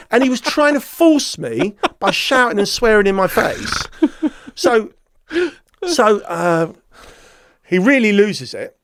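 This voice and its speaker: Clean studio sound captures a high-pitched podcast guest recounting a story at a moderate pace. He's animated, performing the quoted dialogue himself, and the recording is dry.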